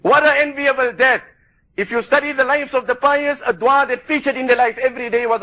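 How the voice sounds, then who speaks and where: Guy preaching a sermon, really high voice, fast and fired up. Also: steady tone, pushed and bright, low-quality recording. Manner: fervent, emphatic preaching. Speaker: Islamic preacher. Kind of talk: sermon to a gathering.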